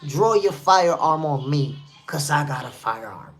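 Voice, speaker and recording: A man's voice: fairly high pitch, big pitch swings, measured pace, few pauses, soft background music. A man from New City, hosting a live stream and giving casual commentary while reading the chat, emphatic and repetitive. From New York City. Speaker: livestream host.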